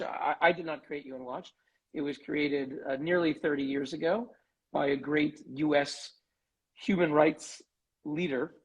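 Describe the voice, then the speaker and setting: Man, interview guest, husky, gravelly, slightly high voice, measured, video call. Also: low-quality recording. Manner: articulate, measured, explanatory. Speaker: interview guest, human rights advocate. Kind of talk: live online interview.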